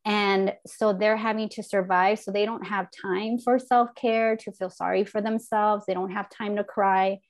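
A woman in her forties talks openly and reflectively, her voice sitting at an ordinary middle pitch. She speaks casually and earnestly as a host in conversation, with a swear word here and there. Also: fairly even intonation, normal speed, hardly any pauses. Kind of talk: candid heartfelt conversation.

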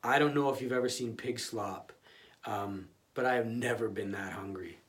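A man's voice: fairly low pitch, moderate pace. A male pastor giving a conversational sermon, often restarting and repeating words.

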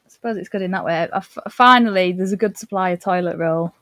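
A woman's voice: on the low side, fast talker, pushed and bright, dry recording. A young English woman chatting casually as a co-host, laughing often and reacting animatedly. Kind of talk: casual chat.

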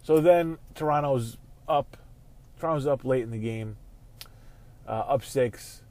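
A man hosting a casual sports talk show from his car while driving, ranting and swearing, quick to flare into angry outbursts. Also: mid-range voice, darkish tone. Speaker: show host.

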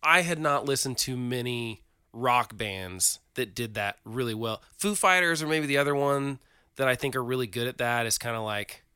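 A man's voice: mid-range voice, normal speed, sharp tone, clean tone, no room sound, clean studio sound. A man co-hosting a casual music chat, enthusiastic and rambling with lots of fillers. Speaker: podcast co-host.

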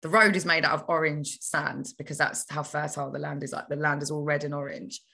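A young woman, a podcast guest telling stories from her childhood in a lively, chatty way. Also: low voice, a little fast, creaky, breathy edge. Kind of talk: casual storytelling.

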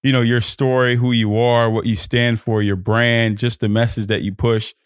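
A man's voice: medium pitch, level tone, normal speed, clear, resonant tone, no room sound, studio quality. A man hosting a podcast, talking from a hotel room in a playful, rambling way, correcting himself as he goes. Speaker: podcast host. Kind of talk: casual podcast intro.

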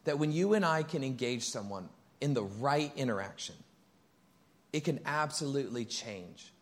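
A man pastor preaching a sermon in a church, conversational and animated, acting out bits of dialogue and getting loud and high when excited. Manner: conversational, acts out quoted dialogue.

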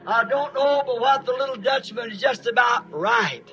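A man's voice: extremely high pitch, normal speed, pushed and bright, highs cut off, a little hiss or hum. A man from Arizona preaching a sermon as a story, speaking in a folksy, plain-spoken way with homespun grammar.

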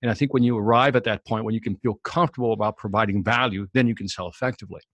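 Fast-talking animated male storyteller. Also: lowish voice, dry recording. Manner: animated storyteller, acts out the people in his stories. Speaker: guest, sales expert. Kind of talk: storytelling in a podcast interview.

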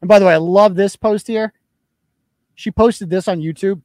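A man's voice: high voice, steady tone, normal speed, pauses often, darkish tone, dry recording. Blunt, sarcastic man hosting a live show. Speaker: host. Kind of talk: livestream commentary.

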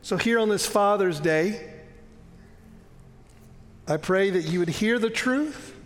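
High-voiced pastor preaching in a reverberant hall. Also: male voice, animated. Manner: earnest, emphatic, slowing down and dropping to a soft hush on key lines. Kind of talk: sermon. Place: church.

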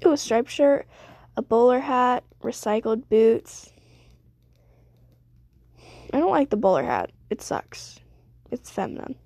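Gravelly young woman rambling on stream. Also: on the high side, lively intonation, slow pace, pauses often, darkish tone, no echo, studio quality. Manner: rambling, self-deprecating. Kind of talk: casual gameplay commentary.

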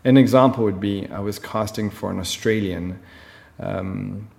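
A man's voice: lowish voice, measured pace, vocal fry, a little mellow, big-room sound. A man talking as a film director in an interview, chatty and full of fillers. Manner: chatty storyteller, many fillers. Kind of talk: conversational interview.

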